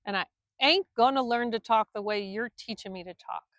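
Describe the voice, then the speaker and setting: A woman voicing a stubborn, hot-tempered middle-aged Texan preacher man, loud and defiant with folksy grammar. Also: on the high side, normal speed, no room sound, close to an everyday voice. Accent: Texan drawl.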